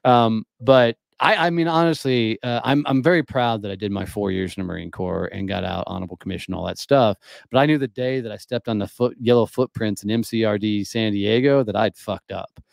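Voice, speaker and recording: A man from Texas telling a story as a podcast guest, in a blunt, profane and animated way. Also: fairly low pitch, a little fast, gravelly, no room sound, studio quality. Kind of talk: casual storytelling.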